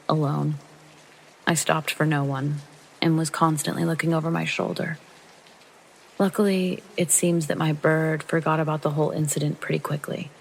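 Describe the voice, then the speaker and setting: A narrator reading a true scary story aloud in calm, steady first person, meant for sleep listening. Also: medium pitch, vocal fry, slight background noise, rough recording. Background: rain sounds.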